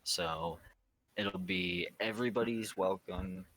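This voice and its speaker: A man hosting a roleplay server's community meeting, rambling and halting with lots of fillers. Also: deep voice, fairly bright tone, slight background noise, poor audio. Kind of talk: casual community meeting talk.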